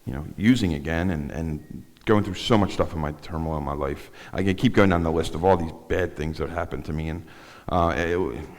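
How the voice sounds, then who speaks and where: Man, middle-aged, very deep voice, rambling halting testimony, synagogue talk, long hall reverb. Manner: rambling, halting, with many restarts. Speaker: guest speaker. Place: synagogue sanctuary.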